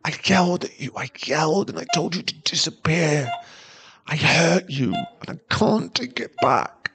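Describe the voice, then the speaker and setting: A man's voice: mid-range voice, animated, a little slow, vocal fry, a crowd in the background. A man in an ASMR role-play, voicing a young boyfriend at a hospital bedside who pleads, stammers and sounds close to tears. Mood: remorseful. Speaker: ASMR voice actor.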